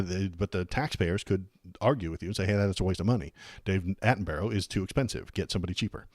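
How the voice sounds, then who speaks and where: In a low, darkish voice, a man hosting a live political stream rambles through casual commentary and reactions, dropping sarcastic asides and muttered curses. The sound is close and dry, with no room echo whatsoever.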